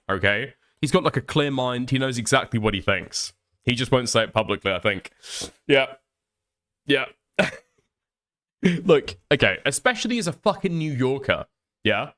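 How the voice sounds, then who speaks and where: Ranting Irish man with a lively pitch. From Ireland. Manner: profane, ranting, laughing often. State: ill with flu. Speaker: streamer. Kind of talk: live stream commentary, reading chat.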